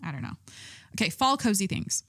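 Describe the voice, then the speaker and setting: A woman's voice: medium pitch, big pitch swings, fairly quick, a bit bright, a little hiss or hum. A woman in her thirties hosting a solo podcast, chatting casually and rambling, with frequent swearing and filler words. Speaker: podcast host.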